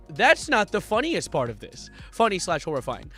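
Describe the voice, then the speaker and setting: A man streaming live, commenting on posts with jokes, frequent laughter and loud incredulous outbursts. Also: high-pitched, huge pitch swings, normal speed, hardly any pauses, dry recording, faint music behind.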